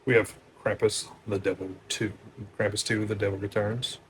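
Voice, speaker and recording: A man running casually through a stack of movies as a store owner, loose and profane, with many fillers and sudden louder bursts on each title. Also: lowish voice, little pitch movement, moderate pace, a little hiss or hum.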